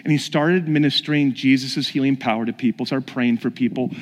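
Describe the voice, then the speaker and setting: A man's voice: medium pitch, steady tone, fairly quick. A man preaching a sermon, telling stories and putting questions to his congregation. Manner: storytelling, questions the audience. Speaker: pastor. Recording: long hall reverb.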